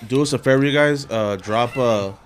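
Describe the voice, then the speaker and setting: A man's voice: medium pitch, normal speed, heavy background noise. A young man guesting on a casual podcast, talking in a loose, slightly slurred way. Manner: slurred, mumbled delivery.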